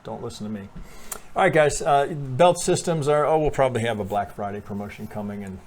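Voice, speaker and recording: Brisk and medium-pitched with a darkish tone, a man runs through charts for viewers of his trading channel. His casual monologue rambles, is full of curses and self-corrections, leans on "right?", and is broken by occasional allergy coughs.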